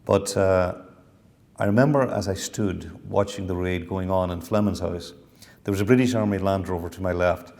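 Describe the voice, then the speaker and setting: A man's voice: low voice, fairly even intonation, normal speed, creaky, darkish tone. A middle-aged man, telling a personal story in a reflective lecture. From Ireland. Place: university lecture hall. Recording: long hall reverb.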